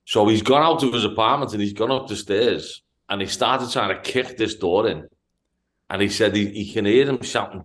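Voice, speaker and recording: Man, Liverpool accent, low voice, swearing storyteller, lots of stammered restarts, casual podcast chat. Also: moderate pace. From Liverpool, England. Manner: profane, animated anecdote-telling with stammered restarts. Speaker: podcast host.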